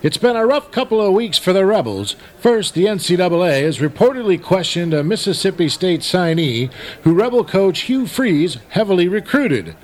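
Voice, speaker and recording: A man hosting comedy sports radio, reading news items in a brisk delivery. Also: sits high, sing-song, a little mellow.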